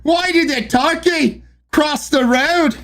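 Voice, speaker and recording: A man putting on a rough Scottish accent to tell a corny joke, slow and loud. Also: extremely high pitch, pitched above the performer's own voice, full character voice. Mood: hammy. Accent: Scottish, put on. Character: mock Scottish joke-teller, adult man.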